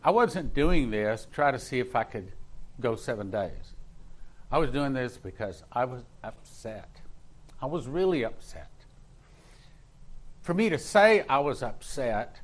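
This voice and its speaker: A man's voice: medium pitch, big pitch swings, measured pace. A man preaching as a pastor, telling a personal story with emphatic, repeated phrases. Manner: emphatic, rising in intensity, repeats words for stress.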